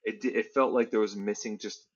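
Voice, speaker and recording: A man's voice: fairly low pitch, fairly even intonation, fairly quick, slight background noise. A man co-hosting a podcast in casual chat, rambling and leaning on filler words. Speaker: podcast co-host. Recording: slightly dull lo-fi audio.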